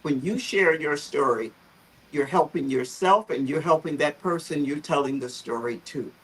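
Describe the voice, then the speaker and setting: Husky, emotional woman telling her story. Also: low-pitched, moderate pace, low-quality recording. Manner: heartfelt, emotional, earnest. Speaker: founder of a photo therapy group, guest. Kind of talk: livestream conversation, personal story.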